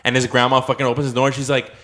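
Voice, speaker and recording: Fast-talking young man, slangy. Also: medium pitch, level tone, sharp tone. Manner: swearing, slangy, addresses listeners as bro. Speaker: podcast co-host. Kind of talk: casual storytelling chat.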